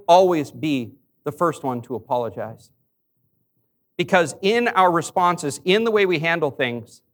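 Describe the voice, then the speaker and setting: A middle-aged man preaching a sermon as a pastor, telling a personal story with shifts between quiet confession and raised emphasis. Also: on the high side.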